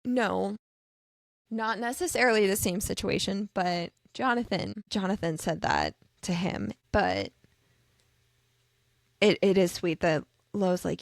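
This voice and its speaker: Woman book-podcast host, casual and animated, mid pitch, dry close mic. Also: slow, creaky, dry recording. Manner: animated, acts out character quotes in lively voices.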